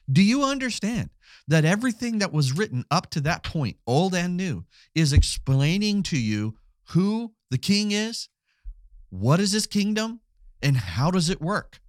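Man, forties, podcast co-host, animated storyteller, dry close sound. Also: fairly high pitch, moderate pace, no room sound. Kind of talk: casual theological discussion.

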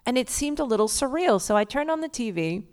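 A woman's voice: fairly high pitch, expressive, a little fast, a little mellow, smooth. A woman co-hosting a comedy podcast in front of a live audience, chatting casually and profanely and slipping into silly voices. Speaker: podcast co-host.

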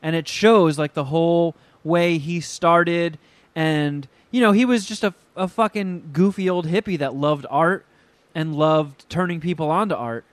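A man with a slightly high voice chats casually on a podcast, telling stories in a loose, profane way. He acts out quotes as he goes. The sound is dry and close. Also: a little slow, dry recording. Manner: profane, animated storytelling with acted-out quotes. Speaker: podcast co-host. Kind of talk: casual chat.

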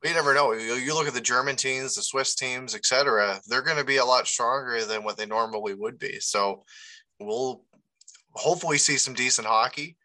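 Bright-toned man joking around. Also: mid-range voice, normal speed, low-quality recording. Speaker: podcast co-host. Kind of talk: casual hockey chat.

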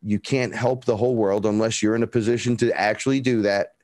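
Low-voiced man, profane rambling storyteller. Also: steady tone, a little fast, a little mellow, dry recording, clean studio sound. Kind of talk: casual storytelling.

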